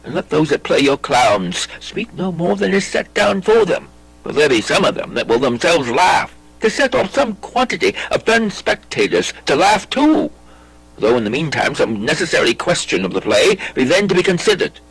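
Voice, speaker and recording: A man reading a classic play aloud, voicing a brooding, intense young prince with lively theatrical delivery. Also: fairly high pitch, normal speed, gravelly, breathy edge, no echo, heavily acted, poor audio. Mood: instructing. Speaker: audiobook reader.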